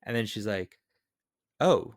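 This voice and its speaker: A man with a gravelly, creaky voice of middle pitch chats about a film with his co-host. He talks loosely, asks questions and fills gaps with likes and ums. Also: normal speed. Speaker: podcast co-host. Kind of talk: casual movie recap chat.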